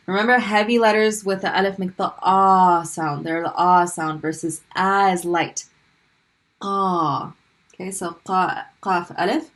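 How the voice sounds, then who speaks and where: A woman's voice: lowish voice, a bit bright. A woman teaching a recorded Arabic lesson, patiently repeating sounds for learners to practice.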